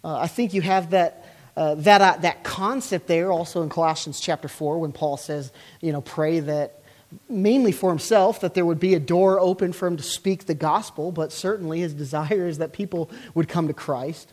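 A man's voice: a little high, moderate pace, darkish tone. A man preaching a sermon, reading scripture aloud with earnest emphasis and some restarts.

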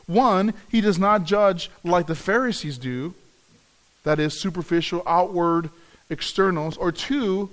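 A man's voice: high-pitched, a little slow. A man preaching a sermon, earnest, often repeating words as he restarts a phrase. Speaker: pastor.

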